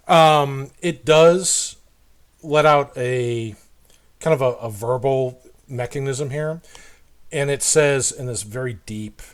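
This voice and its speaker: Man, game master, slow narration, mid-pitched, descriptive.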